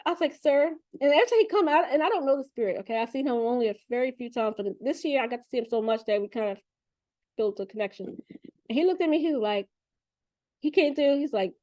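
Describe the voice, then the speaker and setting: A woman's voice: on the high side, lively intonation, fast talker, darkish tone, dry recording. Chatty, profane woman reader. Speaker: spiritual reader. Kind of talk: casual spiritual reading.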